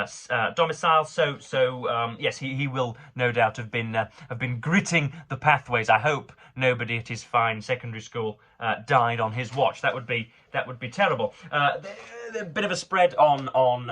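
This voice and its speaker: Speaking at medium pitch with a fairly bright tone, a man reviews the newspaper on his vlog. Halting and prone to fillers and restarts, he often stumbles while reading, yet keeps up dry, sardonic asides.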